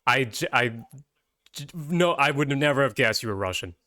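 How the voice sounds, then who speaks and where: Male podcast host, chatty and rambling, bright voice, dry close sound. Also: mid-range voice, animated, no echo. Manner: rambling, chatty, quick tangents. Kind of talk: casual podcast chat.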